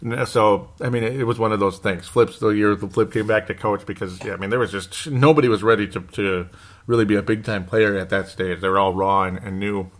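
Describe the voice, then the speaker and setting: A man's voice: fairly low pitch, steady tone, a little fast. A man hosting a casual sports fan podcast, rambling and chatty as he reads out listener comments. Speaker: podcast host.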